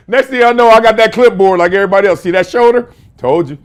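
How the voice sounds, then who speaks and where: A man in his fifties hosting his own show from a room at home, telling stories in a casual, slangy way that bursts into shouts and laughter. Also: high-pitched, quick pace. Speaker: show host. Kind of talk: casual storytelling monologue.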